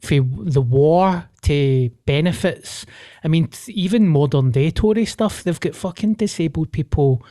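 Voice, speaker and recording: A man's voice: fairly high pitch, a little slow, mellow, no echo, studio quality. A Scottish man talking bluntly and swearing in casual podcast chat. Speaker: podcast co-host.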